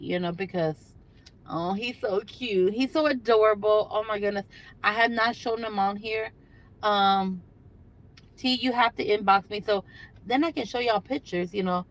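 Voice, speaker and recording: Through dull audio comes the mid-range voice of an older woman, a livestream host talking to viewers by phone from her parked car. Her live chat is casual, chatty, and meandering, packed with fillers.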